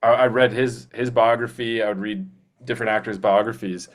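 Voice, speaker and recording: A man's voice: on the low side, fairly even intonation. A male voice actor, a guest in a casual interview, chatting eagerly and rambling with many fillers and restarts. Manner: slips into quick movie-character impressions.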